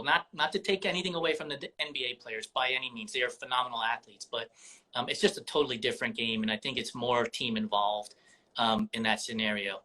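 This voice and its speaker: A podcast host leading a casual interview, speaking passionately and growing animated on a favourite subject. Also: medium pitch, rough recording. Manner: animated and passionate when excited.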